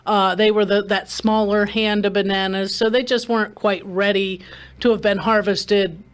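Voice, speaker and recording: A woman's voice: medium pitch, steady tone, normal speed, clean tone. A woman hosting a gardening radio show, chatting casually with many restarts and fillers.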